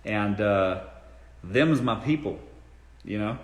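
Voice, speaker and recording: A man's voice: on the low side, lively intonation, slow pace. Blunt Southern man in an echoey room. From South Carolina. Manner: blunt, profane, joking. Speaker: live-stream host answering dating questions. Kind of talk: casual live-stream Q&A. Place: room in his home.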